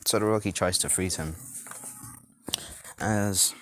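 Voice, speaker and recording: A man with a very deep voice narrates a fan-made story in a loose, rambling way. He strings events together with fillers as he goes. A faint hiss sits under the recording. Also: takes it slowly. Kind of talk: casual fan-fiction narration.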